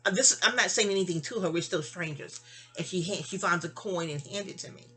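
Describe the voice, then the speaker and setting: A woman's voice: a little fast, bright, forceful tone, soft background music. A woman in her fifties from New York, casually telling a personal story with rambling asides and self-corrections. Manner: acts out remembered dialogue with raised pitch.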